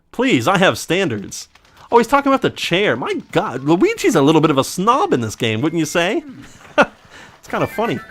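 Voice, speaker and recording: Let's-play host: man, mid-pitched, very animated delivery, goofy improvised asides over gameplay. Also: a little hiss or hum. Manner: joking, rambling, makes up silly backstories. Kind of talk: casual gameplay commentary.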